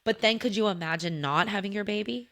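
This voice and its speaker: A woman co-hosting a book podcast in casual chat, animated and joking. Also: mid-range voice, fast. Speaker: podcast co-host.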